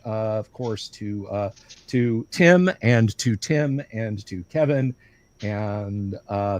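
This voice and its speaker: A man running a tabletop game as game master on a livestream, talking in a relaxed, rambling way full of ums and uhs. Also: mid-range voice, no echo.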